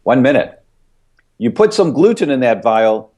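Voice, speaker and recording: A middle-aged man talks as an expert guest on a podcast. His pitch swings widely as he stresses and repeats his key points, and he leans on vivid everyday analogies to make them land. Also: big pitch swings, a little slow, a little mellow. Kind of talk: explanatory podcast interview.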